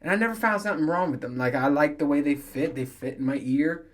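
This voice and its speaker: A man's voice: on the high side, fast talker. A man hosting his own podcast, ranting casually, swearing often and laughing at his own jokes. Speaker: podcast host. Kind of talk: casual solo podcast rant.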